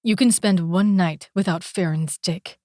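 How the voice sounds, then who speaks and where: A woman's voice: fairly low pitch, measured pace, darkish tone, no echo, studio quality, close to an everyday voice. A woman voicing a jealous, possessive young man in an audiobook, throwing crude, cutting accusations. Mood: jealous, harsh. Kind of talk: audiobook character voice.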